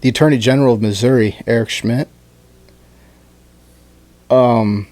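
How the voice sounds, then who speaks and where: A man co-hosting a podcast in casual chat, telling a story with lots of swearing and jumping into high voices when he quotes people. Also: fairly even intonation, measured pace, darkish tone, dry recording. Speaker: podcast co-host.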